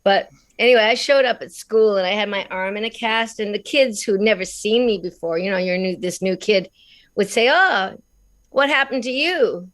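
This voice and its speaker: A middle-aged woman with an Australian accent, telling stories in a casual interview as a voice actress guest, chatty and quick to laugh. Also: mid-range voice, fairly even intonation. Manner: warm, chatty, laughs often.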